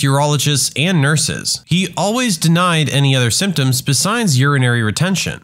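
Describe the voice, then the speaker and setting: A man hosting a podcast, reading online posts aloud and adding his own commentary in a lively, expressive way. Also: medium pitch. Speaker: podcast host reading stories.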